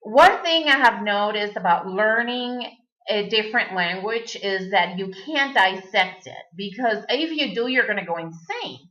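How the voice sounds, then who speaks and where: A native Spanish-speaking woman teaches a recorded language lesson, patiently repeating words for the learner. Her medium-pitched voice is expressive, bright and forceful at a measured pace, though the lo-fi recording sounds dull.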